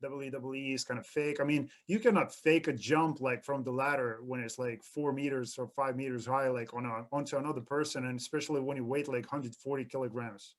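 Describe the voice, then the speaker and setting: A man hosting a podcast, asking questions in a halting casual way and repeating his words. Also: mid-range voice, steady tone. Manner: halting, repeats words, non-native phrasing. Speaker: podcast host. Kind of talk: casual interview.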